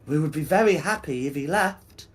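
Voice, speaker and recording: A man voicing a hooded woman with a soft, feminine voice in a tabletop game. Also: fairly high pitch, lively intonation, moderate pace, soft background music, voice pushed up. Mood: spiteful.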